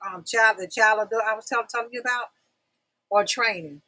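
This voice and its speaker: Talking briskly in a slightly high, sharp-toned voice, a middle-aged woman runs a casual livestream talk show. She chats straight to her viewers, repeats herself, and calls them "y'all," all on a low-quality recording.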